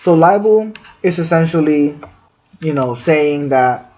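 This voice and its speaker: Mellow-voiced man reading podcast notes. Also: a little high, expressive, a little slow. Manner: reads definitions aloud, filler-heavy. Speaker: podcast host. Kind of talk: reading facts in a podcast discussion. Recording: dull lo-fi sound.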